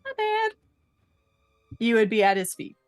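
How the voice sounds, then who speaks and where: A woman running a tabletop game as game master, calm and matter-of-fact as she narrates and rules. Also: a little high, measured pace, soft background music.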